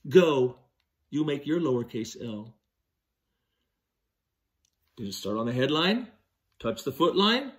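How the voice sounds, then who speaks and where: A man teaching young children to write letters, giving slow, patient step-by-step instructions. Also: on the high side. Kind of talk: children's handwriting lesson.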